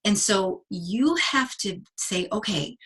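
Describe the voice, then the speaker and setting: A woman guest speaker delivers a motivational talk to a coaching team, in a bright, forward voice. Her tone carries a slight husk, and she talks in a casual, chatty way with plenty of restarts. She leans hard on key words, stretching them out for emphasis. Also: medium pitch, breathy edge, rough recording. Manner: enthusiastic and emphatic, slowing down to stress key words.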